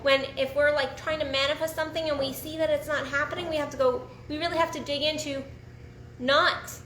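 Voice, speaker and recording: Brief: bright, high-voiced woman coach, blunt and animated; roomy echo, faint background hum. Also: a little fast. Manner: frank and profane, animated, restarts often. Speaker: sex and relationship coach. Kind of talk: casual solo talk to camera.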